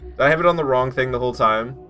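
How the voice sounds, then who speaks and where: A man's voice: mid-range voice, fast talker, pushed and bright, soft background music. A man streaming a video game, chatting casually with his viewers, swearing often and sounding amazed at his own old run. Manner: incredulous, swears freely, talks to chat. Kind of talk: casual live-stream commentary.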